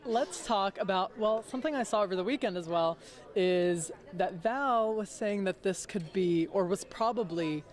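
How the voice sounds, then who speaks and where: A woman's voice: mid-range voice, normal speed, a little mellow. A woman entertainment reporter asking questions in a friendly, chatty way. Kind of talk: interview questions.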